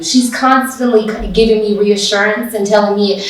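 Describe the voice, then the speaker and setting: A woman agent in a panel talk, speaking warmly and repetitively in praise of her team leader. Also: on the high side, normal speed. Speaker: real estate agent. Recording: echoey room, mic far off.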